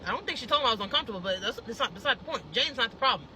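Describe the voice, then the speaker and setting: A woman's voice: fairly high pitch, expressive, racing, bright, forceful tone, poor audio. A woman vlogger telling a story in a heated, blunt, profane rant, with faint street traffic behind her.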